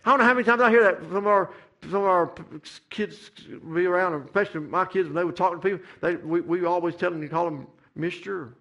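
A man's voice: high voice, fairly quick. A middle-aged man preaching a sermon, building to fervent, repeated climaxes. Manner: rising to fervent shouted climaxes, repetitive preaching cadence. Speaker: pastor.

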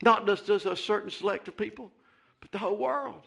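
A man's voice: high-pitched, brisk, vocal fry. A man preaching a fervent sermon in church, repeating phrases and calling out "Amen.". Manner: fervent, repetitive, calls out "Amen" and "Hey".

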